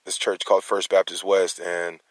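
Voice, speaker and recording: A man's voice: low voice, monotone, normal speed, dry recording. Brief: man in a raw, rambling monologue, stumbling over words, challenging listeners, dry voice. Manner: rambling, stammering restarts. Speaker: concerned citizen. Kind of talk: emotional personal monologue.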